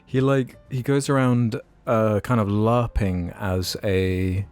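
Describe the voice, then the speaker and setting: A man's voice: fairly low pitch, steady tone, takes it slowly, darkish tone, clear, resonant tone. A young man co-hosting a podcast, casual and jokey, laughing a lot and reading out listener questions. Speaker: podcast co-host. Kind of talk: casual chat.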